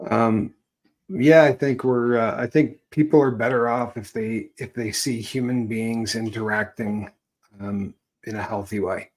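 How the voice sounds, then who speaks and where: A man co-hosts a casual livestream, speaking earnestly with frequent hesitations and filler sounds. His voice sits at an average pitch for a man. He builds his points slowly and thoughtfully. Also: steady tone, darkish tone. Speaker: co-host. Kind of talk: livestream chat.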